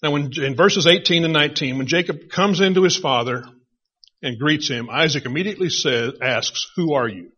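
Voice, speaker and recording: A middle-aged man preaching a sermon, retelling a story in a conversational, animated way. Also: a little high, moderate pace, slightly rough. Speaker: pastor. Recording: dull lo-fi recording.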